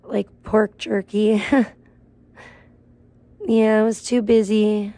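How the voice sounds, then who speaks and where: A woman's voice: mid-range voice, completely flat delivery, slow pace, mellow, no echo. A woman live streamer in casual chat, rambling and ranting with plenty of swearing.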